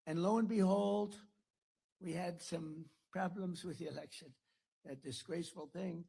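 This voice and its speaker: A man's voice: sits high, a little slow, vocal fry, dark tone, breathy edge. An older American man giving an after-dinner speech at a podium mic in a dinner hall, rambling, repeating himself and boasting. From United States. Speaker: political speaker.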